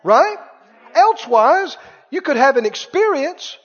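A man preaching a sermon as pastor, emphatic and repetitive, swinging between loud bursts and quiet asides. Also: very high voice, big pitch swings, measured pace, faint music behind. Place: church sanctuary. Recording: muffled church recording with long reverb.

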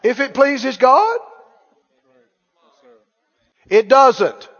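A male preacher with a very high voice delivers an animated, emphatic sermon and repeats his key lines for stress. His voice rings with a long reverb in a church sanctuary. The recording sounds dull and lo-fi. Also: drawn-out words.

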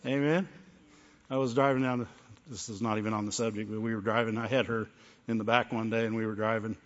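An older man preaching a sermon, shifting between fervent call-and-response peaks and soft, intimate storytelling. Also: lowish voice, level tone, fast talker. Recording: dull sound with long hall reverb.

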